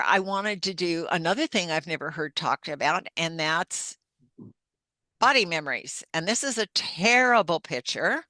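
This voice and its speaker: A woman's voice: on the low side, sharp tone, no echo. An older woman, a podcast guest, earnestly recounting a personal story in vivid detail. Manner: earnest, vivid retelling with acted-out dialogue.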